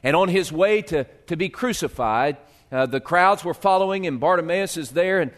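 A male pastor preaching a sermon, swinging from hushed, slow lines to loud, rising appeals. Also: fairly high pitch, animated.

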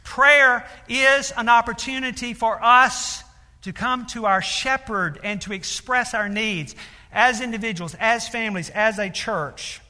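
This preacher's voice is very high-pitched, bright and forceful, moving at a measured pace. He tells his sermon story earnestly, leaning on many fillers and rising to emphatic appeals, while the large hall's reverb lingers long.

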